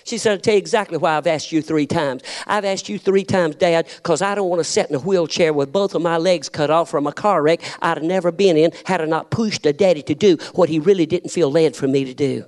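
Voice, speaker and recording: Preacher guy, middle-aged, high-pitched, gets loud and fired up telling stories. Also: fairly quick, hardly any pauses. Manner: impassioned, builds to shouting. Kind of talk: sermon with storytelling.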